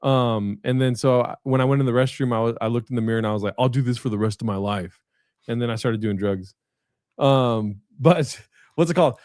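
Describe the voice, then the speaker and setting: A man's voice: medium pitch, a little fast, a little mellow, dry recording, clean studio sound. A man chatting casually on a video call, telling long rambling stories full of fillers and swearing. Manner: rambling anecdotes with frequent fillers and profanity. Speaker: guest comedian. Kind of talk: casual storytelling chat.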